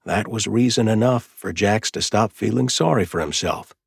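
Deep-voiced husky male narrator. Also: no room sound, clean studio sound. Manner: measured, even storytelling. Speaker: audiobook narrator. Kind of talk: scripted narration.

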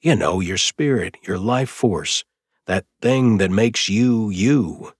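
A man voicing a caring, plainspoken older brother who talks in an easygoing, steady way. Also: on the low side, takes it slowly, slightly rough, dry recording, clean studio sound, exaggerated voice.

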